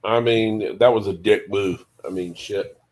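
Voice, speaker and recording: A man's voice: on the low side, steady tone, measured pace, darkish tone. A man co-hosting a casual movie watch-along, laid-back, swearing casually and mostly agreeing in short replies.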